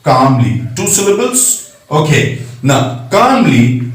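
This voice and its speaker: A man with a slightly high, very animated voice teaches a recorded grammar lesson a little slowly, patiently spelling out letters and checking in with "right?". The room is echoey and the mic sits at a distance.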